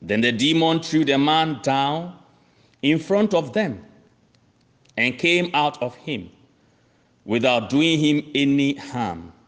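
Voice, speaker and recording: Slow, emphatic preacher in echoing hall. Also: male voice, medium pitch, animated, a bit bright. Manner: slow, emphatic, repeats key phrases; addresses listeners as friends. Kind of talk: sermon. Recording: long reverb of a large hall.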